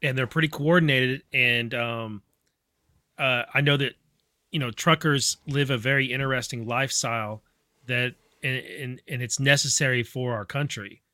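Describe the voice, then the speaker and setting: A man's voice: medium pitch, steady tone, normal speed, bright, forceful tone, no echo, clean studio sound. A man co-hosting a casual podcast, talking earnestly with lots of ums and restarts. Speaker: podcast co-host. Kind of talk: casual chat.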